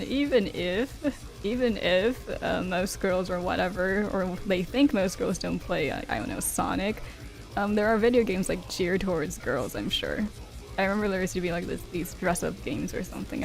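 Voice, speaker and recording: A woman's voice: on the low side, creaky. Rambling woman streamer with faint music. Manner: rambling, hesitant, laughs often. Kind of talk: casual commentary while reading a game.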